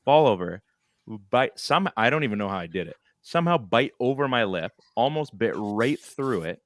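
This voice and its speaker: A man's voice: mid-range voice, moderate pace, no echo. A man co-hosting a podcast, telling a rambling, self-deprecating story in casual chat on a close microphone. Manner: animated, rambling anecdote with self-deprecating laughs. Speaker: podcast co-host. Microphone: close studio microphone.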